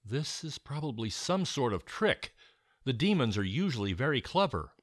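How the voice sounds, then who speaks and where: A man's voice: mid-range voice, sing-song, normal speed, dry recording, clean studio sound. A man reading a story, voicing a clever, determined young girl who reasons aloud. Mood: thoughtful.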